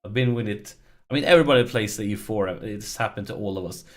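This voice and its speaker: A man's voice: fairly low pitch, quick pace, soft background music. A man commenting on his strategy game as he plays, pleading with it and groaning when it goes wrong. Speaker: let's play host.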